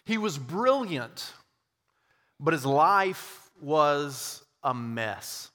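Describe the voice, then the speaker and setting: Slow, bright-voiced man preaching in a hall. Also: a little high, very animated. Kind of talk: sermon storytelling.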